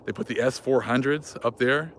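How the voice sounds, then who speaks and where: A man's voice: mid-range voice, moderate pace, a bit bright, slight background noise. A man hosting a religious commentary vlog, speaking fervently in casual slang and repeating himself for emphasis. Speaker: vlog host.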